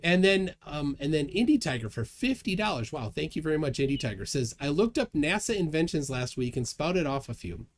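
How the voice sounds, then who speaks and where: Animated man hosting a livestream chat. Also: fairly high pitch, fairly quick, few pauses, a little hiss or hum. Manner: lively, chuckling, reads chat aloud. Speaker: livestream host. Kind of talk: casual livestream chat reading viewer comments.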